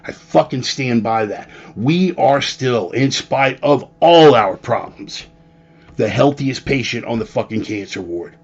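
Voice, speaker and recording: A man's voice: mid-range voice, lively intonation, measured pace, husky, muffled recording. A man hosting a podcast, delivering an opinionated monologue with profane, emphatic ranting and mocking asides. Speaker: podcast host.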